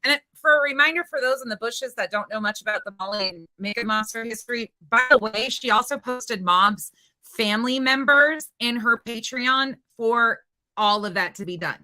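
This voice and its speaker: Play a bright, scathing woman streamer, swearing freely. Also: fairly high pitch, normal speed. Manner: profane, scathing, talks back at the clip. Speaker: streamer commenting on a clip. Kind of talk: angry reaction commentary.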